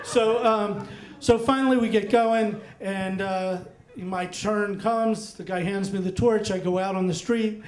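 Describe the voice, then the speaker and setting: A middle-aged man with a fairly high voice tells a personal story on stage, animated and chatty, breaking into laughter between asides. The sound is roomy, with the echo of a live event space. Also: measured pace.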